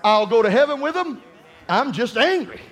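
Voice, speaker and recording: A pastor with a drawl delivers a fervent sermon in a notably high voice. He talks straight to his congregation with casual asides, then climbs into shouting at the peaks. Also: big pitch swings, normal speed.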